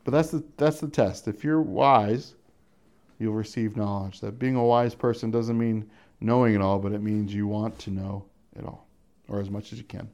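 A man's voice: lowish voice, fairly even intonation, moderate pace, darkish tone. A middle-aged man giving casual verse-by-verse Bible teaching, talking conversationally, chuckling often and acting out the voices he quotes. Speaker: pastor teaching a Bible study.

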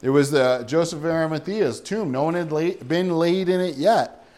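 Chatty, slightly high-voiced male preacher. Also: moderate pace, a little mellow. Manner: chatty, rhetorical questions, acts out everyday scenes. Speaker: pastor. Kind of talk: conversational sermon.

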